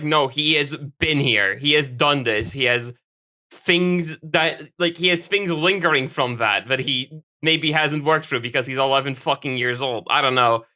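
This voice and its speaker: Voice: medium pitch, bright, forceful tone. A podcast co-host in casual chat, opinionated and swearing often, trailing off with "I don't know".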